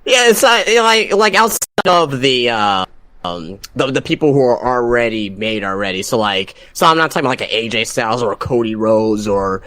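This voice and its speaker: A man's voice: mid-range voice, lively intonation, moderate pace, pushed and bright, dry recording. A man chatting casually on a wrestling podcast, rambling with lots of fillers and asking for agreement. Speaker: podcast guest.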